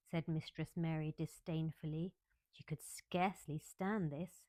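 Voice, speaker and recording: A woman reading a classic children's novel aloud as a bedtime story, in a calm, measured way. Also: low-pitched, no room sound.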